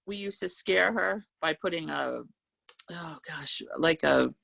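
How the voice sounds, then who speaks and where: A woman with a gravelly edge to her voice reads her own poems on a video call. She takes the verse slowly and with care. Between poems she slips into loose, chatty storytelling. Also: low-pitched, fairly bright tone. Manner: slow, measured reading of verse, then chatty storytelling. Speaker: poet reading her work. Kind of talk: poetry reading with anecdotes.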